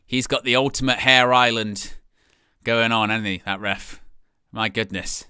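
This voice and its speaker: A young man hosting a live fan commentary of a match, talking casually and jumping from quiet asides to loud excited shouts. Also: medium pitch, a little slow, smooth, dry recording, studio quality. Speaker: fan watch-along host.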